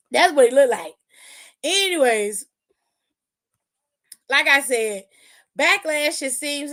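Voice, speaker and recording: A woman's voice: high voice, a bit bright. A woman giving a rowdy, profane comedic recap of a wrestling show, laughing often and telling it with lots of animation.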